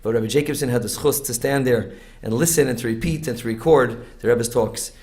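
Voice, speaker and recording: A man introducing the evening's speaker with personal memories. His voice is mid-pitched and plainly conversational. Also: a little fast, a little mellow. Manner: personal, reminiscing. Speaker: event introducer.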